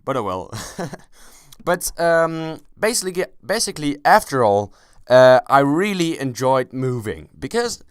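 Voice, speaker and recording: A young man talks loosely over his gameplay, jumping between thoughts and correcting himself mid-sentence. His voice is smooth and clear, with a bouncy, animated pitch. The sound is dry and close, with little room echo. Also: a little slow. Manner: rambling, self-correcting, swears casually, jokey. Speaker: gaming commentator. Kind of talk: casual gameplay commentary. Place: at home, kneeling without a chair.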